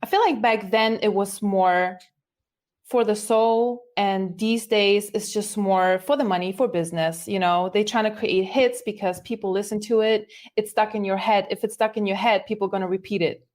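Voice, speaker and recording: Soft-spoken woman guest. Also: medium pitch, steady tone, normal speed. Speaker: podcast guest, musical artist. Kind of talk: casual podcast conversation.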